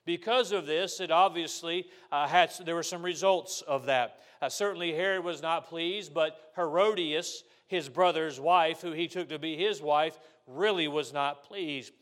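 High-voiced man preaching a sermon. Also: measured pace, hardly any pauses, fairly bright tone. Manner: earnest preaching with rhetorical questions. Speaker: pastor.

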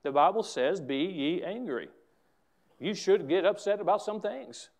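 A man preaching a sermon to his church, fervent, swelling loud on key points and dropping into quick asides. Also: sits high, animated. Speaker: pastor.

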